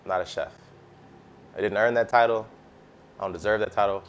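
A man's voice: fairly low pitch, fairly even intonation, fairly quick, vocal fry, slight background noise. A man chatting casually with his live-stream audience while he cooks, in a laid-back, slangy way. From United States. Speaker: cooking streamer. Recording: faint music behind.

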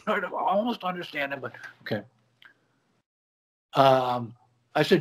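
Man telling an animated story. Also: fairly high pitch, a little slow, long pauses. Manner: animated, acts out quoted dialogue. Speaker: guest, bar magician. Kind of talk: conversational storytelling. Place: home office. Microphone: video call.

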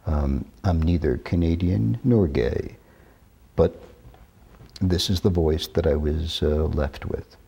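A man in his sixties from New York, telling stories in an interview with measured, deliberate, careful diction. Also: a bass voice, vocal fry, dark tone, slightly rough, highs cut off. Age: 60s. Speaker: interview guest. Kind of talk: reminiscing interview talk.

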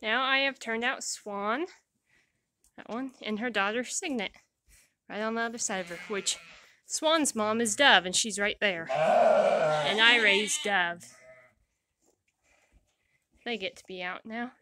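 A woman sheep farmer talking casually to her flock on a handheld phone, cooing at the animals with sudden high calls. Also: measured pace, long pauses, pushed and bright, a little hiss or hum. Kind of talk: casual vlog among sheep. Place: outdoor sheep pasture. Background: sheep bleating.

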